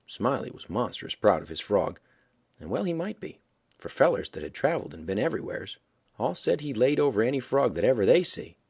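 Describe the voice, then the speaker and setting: A man reading a story aloud as a folksy, animated yarn-spinning narrator with a husky voice. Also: mid-range voice, a little fast. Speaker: audiobook reader.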